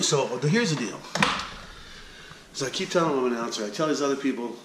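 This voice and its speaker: A man who works as a sports announcer, telling a story to the camera in a chatty, animated vlog style. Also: fairly high pitch, fast talker, background noise. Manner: animated, chatty, talks straight to the viewer.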